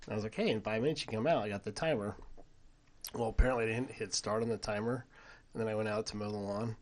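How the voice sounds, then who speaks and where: A middle-aged man co-hosting a podcast, telling family stories in casual chat and getting animated when he quotes his kids. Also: lowish voice, quick pace. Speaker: podcast co-host.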